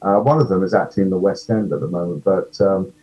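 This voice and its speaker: A man's voice: low voice, fairly even intonation, fast, dark tone, dull audio, faint music behind. A man, an actor guest, chatting casually in an interview, self-deprecating and full of ums.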